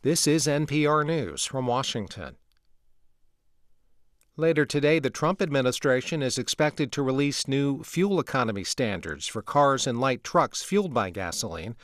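A man's voice: mid-range voice, no echo. Man reading radio news in a dry studio. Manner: measured, even news delivery. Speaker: newscaster. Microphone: studio microphone.

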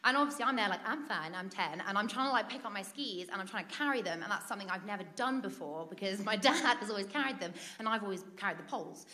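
A woman's voice: medium pitch, animated, quick pace, few pauses, pushed and bright. A British woman telling a comic personal story, chatty and laughing often, acting out what people said. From Britain.

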